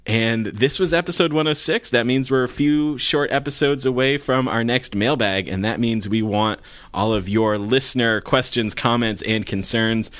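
A man's voice: medium pitch, normal speed, a bit bright, dry recording, studio quality. A man co-hosting a casual podcast, upbeat and jokey as he reads out announcements. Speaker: podcast co-host.

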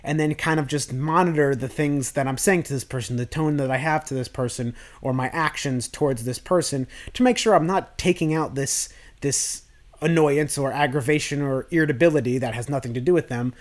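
A man's voice: mid-range voice, brisk. A man hosting a self-improvement podcast, talking through his thoughts in a loose, rambling way with many restarts. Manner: rambling, with frequent restarts and fillers. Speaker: podcast host.

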